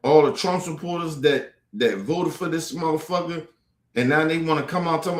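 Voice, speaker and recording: A man's voice: fairly high pitch, normal speed, roomy sound. A man ranting about politics on a stream, heated, profane and repetitive. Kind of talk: ranting commentary. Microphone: streaming mic.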